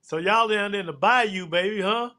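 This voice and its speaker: A man's voice: high-pitched, pushed and bright. A man hosting a live show, chatting loosely and tossing in "man" and "look here" all the time. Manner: casual, drawn-out, repeats "man" and "look here". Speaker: host.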